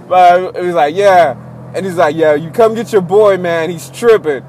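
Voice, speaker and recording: A man's voice: high-pitched, fairly even intonation, normal speed, darkish tone, a little hiss or hum. A young man telling a rambling, profane story in casual chat, sitting in a car.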